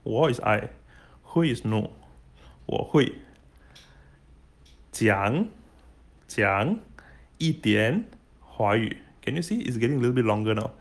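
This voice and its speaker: A man, teaching Mandarin phrases in a casual lesson, spelling out words and explaining patiently. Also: mid-range voice. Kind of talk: casual spoken language lesson.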